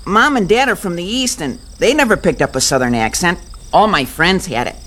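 A woman playing a calm, matter-of-fact boy who loves snakes, in a radio drama. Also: lowish voice, fairly quick.

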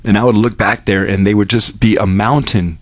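Candid low-voiced man telling his story on radio. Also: fairly even intonation, a little fast, dry recording. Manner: candid storytelling, acts out dialogue with lifted pitch. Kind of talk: personal testimony on radio. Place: radio station studio.

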